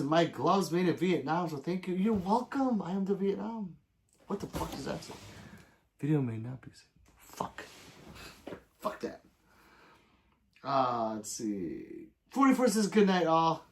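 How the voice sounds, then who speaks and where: A man's voice: on the high side, big pitch swings, measured pace, long pauses. A man hosting a livestream, reading viewer comments aloud in loose, profane casual chat and plugging subscriptions. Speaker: livestream host.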